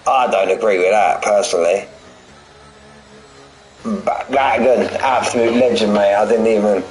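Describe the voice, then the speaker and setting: Laid-back male league commentator with a lowish voice, matey and chatty, recorded with a faint hiss behind him. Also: moderate pace, a little mellow, poor audio. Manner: chatty, repeats "mate" and "buzzing". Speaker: sim racing league commentator. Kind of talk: live race commentary and chat.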